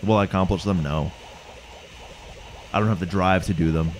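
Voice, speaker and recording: A man's voice: low-pitched, steady tone, moderate pace, slight background noise. A young man co-hosting a let's play, chatting casually with loose, profane banter and frequent restarts. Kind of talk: casual gaming commentary.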